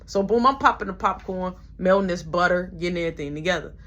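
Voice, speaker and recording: A woman's voice: lowish voice, quick pace, muffled recording. A young woman casually telling a story about her family, acting out everyone's lines as she goes. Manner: animated, acts out each character in quoted voices. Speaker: vlogger.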